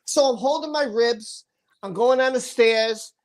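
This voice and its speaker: Animated man telling a story on a live stream. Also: very high-pitched, a little slow. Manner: animated, acts out the dialogue of others in his story; repeats words and restarts sentences while recounting. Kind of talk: casual first-person storytelling.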